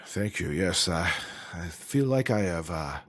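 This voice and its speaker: A frail old adventurer, as a man puts him on for a tabletop game, all flustered apologies and breathless fumbling. The voice is husky and rises and falls widely as he tries to keep his dignity. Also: low voice, expressive, unhurried, fairly bright tone, pitched below the performer's own voice, heavily acted. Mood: winded.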